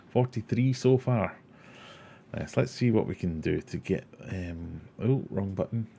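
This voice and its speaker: A man's voice: low-pitched, gravelly, slight background noise. A man hosting a casual livestream, rambling, joking and reading viewer comments aloud. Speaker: aquarium livestream host.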